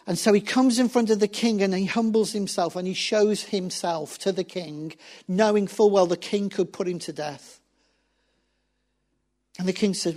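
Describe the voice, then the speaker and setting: A man's voice: high-pitched, normal speed, darkish tone. A man, a pastor preaching a sermon and acting out biblical dialogue as he tells the story.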